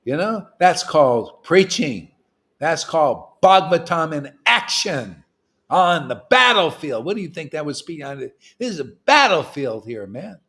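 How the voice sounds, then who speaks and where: A man leading a gathering of devotees, preaching in a loose, slangy, teasing way, with his voice swinging from loud bursts to quiet asides. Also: sing-song, measured pace. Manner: emphatic and slangy, with swings in loudness and pitch; teasing, playful jokes between serious points. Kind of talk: informal preaching to a small group.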